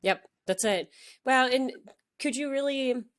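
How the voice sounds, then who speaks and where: A woman's voice: high voice, measured pace. A woman doctor hosting a podcast interview, chatty and affirming, asking long rambling questions. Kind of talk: conversational interview.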